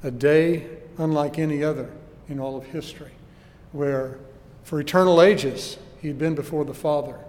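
A man's voice: a little high, fairly even intonation, normal speed, few pauses, a little mellow, big-room sound. A man preaching a sermon with earnest emphasis and rhetorical questions, recorded in a church.

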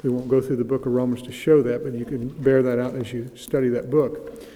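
A man delivers an expository sermon with a mellow, darker tone. He reads scripture with rising emphasis and slows right down on the phrases he wants to stress. His voice carries a long reverb, as if from a church hall. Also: mid-range voice, flat delivery, slight background noise. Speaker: preacher. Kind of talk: expository Bible teaching.

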